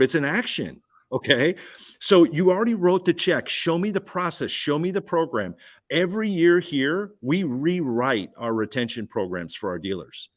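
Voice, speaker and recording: A man giving an energetic business pitch at a roundtable, punchy and repetitive, firing questions at the listener. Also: moderate pace. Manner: punchy, repeats key phrases, asks listener questions. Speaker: guest speaker.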